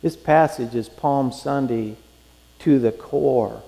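A man preaching a sermon, emphatic and rising to near-shouts in his pleas. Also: medium pitch, slow pace, gravelly, big-room sound, poor audio. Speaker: pastor.

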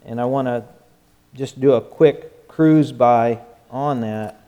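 A man's voice: mid-range voice, slow, mellow, highs cut off. A male pastor giving a folksy, conversational sermon, joking and often restarting his sentences.

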